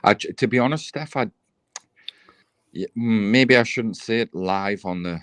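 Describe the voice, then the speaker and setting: A man's voice: fairly low pitch, unhurried, fairly bright tone, no echo. A man chatting as a guest on a live stream, thoughtful and hedging with "you know" and "sort of". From South Africa. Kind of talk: casual chat on a live stream.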